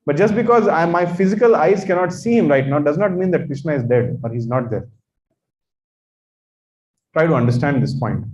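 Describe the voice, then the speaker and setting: A man's voice: a little high, darkish tone, slight background noise. Emphatic Indian man lecturing in echoey hall. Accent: Indian English. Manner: emphatic, repeats phrases, chants in sanskrit. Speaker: course teacher. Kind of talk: religious lecture. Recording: echoey, dull lecture recording.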